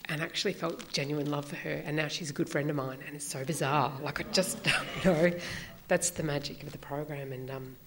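Reflective low-voiced woman sharing. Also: steady tone, crowd noise. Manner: reflective, halting, with many fillers. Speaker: recovery meeting speaker. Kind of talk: personal sharing talk.

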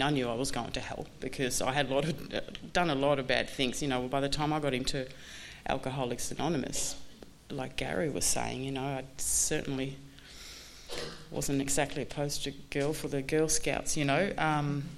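A woman's voice: very deep voice, slight background noise. Candid woman sharing a recovery story. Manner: candid, halting, many restarts and you-knows. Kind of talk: personal testimony talk.

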